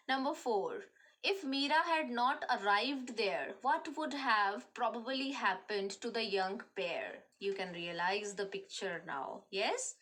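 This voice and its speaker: Woman teacher, Indian English accent, fairly high voice, slow, filler-heavy explanations to children. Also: a bit bright. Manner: explains slowly with many fillers. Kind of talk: online class lesson.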